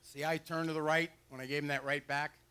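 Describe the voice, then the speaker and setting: A man's voice: a little high, level tone, a little fast, bright, forceful tone, clean tone. A man giving joking, folksy commentary as he demonstrates retriever dogs outdoors on a fairground mic. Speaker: dog trainer and show host. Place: outdoor fair pond with dock. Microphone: handheld or headset mic.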